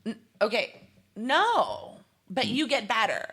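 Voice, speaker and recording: A woman's voice: a little high, sing-song, slow pace, a bit bright, a little hiss or hum. A middle-aged woman speaking as an interview guest, talking in an earnest, emphatic way, laughing often and acting out quoted speech. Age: 40s or 50s. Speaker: guest, holistic chef. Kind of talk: candid interview talk.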